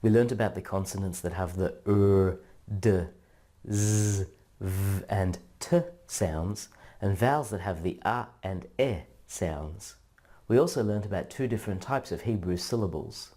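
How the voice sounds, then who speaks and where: A man narrating a scripted language lesson in a measured, instructional way, drawing out syllables for practice. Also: on the low side, dark tone. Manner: slow, measured, drawn-out syllable drills. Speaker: language teacher.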